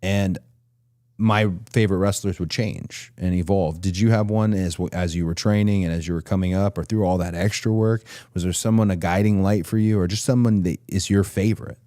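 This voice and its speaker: Host, man in his forties, low mellow voice, loose rambling questions. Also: fairly even intonation, brisk, no echo, clean studio sound. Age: 40s. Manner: rambling, restarts his thoughts. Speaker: podcast host. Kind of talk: casual interview chat.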